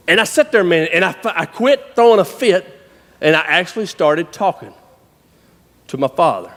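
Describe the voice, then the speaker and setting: Animated Southern preacher in a hall. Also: male voice, sits high, a little fast. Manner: folksy, animated, laughing storyteller. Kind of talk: storytelling sermon. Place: church hall. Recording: long reverb of a large hall.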